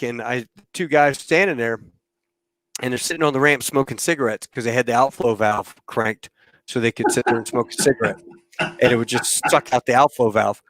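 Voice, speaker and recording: On his laid-back podcast, a man who once flew for the Marines spins lively anecdotes from his flying days, performing the radio calls and cockpit chatter. His voice is medium in pitch, and there's no echo.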